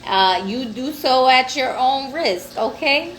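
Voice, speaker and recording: A woman's voice: high-pitched, expressive, slow, fairly bright tone, a little hiss or hum. A woman hosting a livestream in casual, profane, laughing talk aimed at her viewers. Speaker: livestream host.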